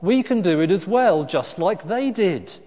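A man preaches a sermon in an easy, conversational way, often restarting phrases and slipping into lively asides. His voice sits in a middle register. Long hall reverb trails after his words. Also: sits high, unhurried.

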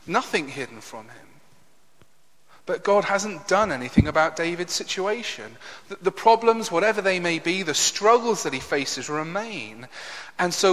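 A man's voice: fairly high pitch, expressive, normal speed, a bit bright. A man preaching a sermon, earnest and emphatic, often asking the listeners rhetorical questions. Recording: long reverb of a hall.

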